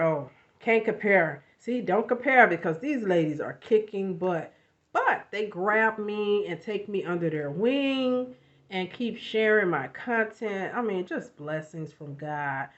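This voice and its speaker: A woman vlogging casually about self-help, chatty and animated, with frequent asides and a slight cough after illness. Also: lowish voice. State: recovering from covid, coughing. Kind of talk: casual motivational vlog. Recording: lo-fi home recording.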